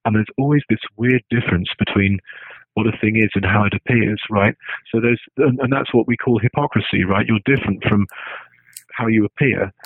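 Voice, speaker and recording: A man's voice: fairly low pitch, fairly even intonation, brisk, husky, no room sound. A man giving a talk, thinking aloud with frequent restarts and tagging his points with "right?". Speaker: speaker. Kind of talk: lecture-style talk. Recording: dry tinny phone-like sound.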